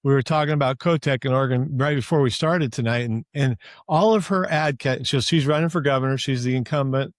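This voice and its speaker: A man's voice: mid-range voice, fairly quick, hardly any pauses, no echo, studio quality. A man co-hosting a podcast, chatting casually about politics, agreeing often and filling in background. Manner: agreeable, frequent yeahs, explains background. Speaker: podcast co-host.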